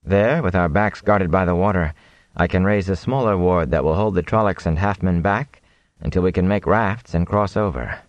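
A man's voice: sits low, dry recording, highs cut off, natural voice. A man reading an audiobook, voicing a composed, commanding sorceress who speaks without urgency. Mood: calm. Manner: unhurried, composed.

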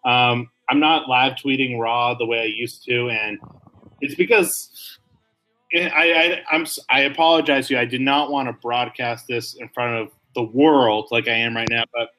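A man's voice: medium pitch, steady tone, normal speed, bright, forceful tone, rough recording. A man co-hosting a comedy podcast, rambling through mock-serious apologies. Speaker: podcast co-host. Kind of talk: casual comedic chat.

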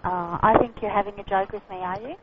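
A polite, businesslike woman answering the phone as a receptionist. She talks quickly. Her voice comes through a thin, tinny phone line with faint hiss. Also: medium pitch, steady tone. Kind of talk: phone call.

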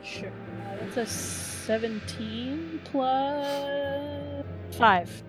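A woman's voice: high voice, very slow, music in the background. A woman player in a tabletop game, talking casually and a little hesitantly.

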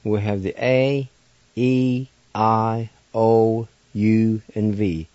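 A man with a Cherokee accent, a radio host, patiently teaching words in a slow lesson and spelling them letter by letter. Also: lowish voice, steady tone, warm tone, no room sound. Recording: dull dry radio studio sound.

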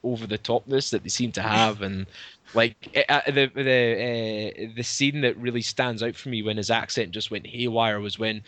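A man's voice: on the low side, steady tone, normal speed, fairly bright tone. A man, co-hosting a casual fan chat and often searching for words. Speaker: podcast co-host.

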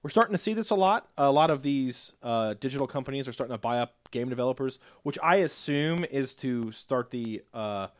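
A man's voice: mid-range voice, lively intonation, fairly quick, hardly any pauses. Easygoing male podcast host reading news. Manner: joking, teasing, easygoing. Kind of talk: casual chat and news rundown.

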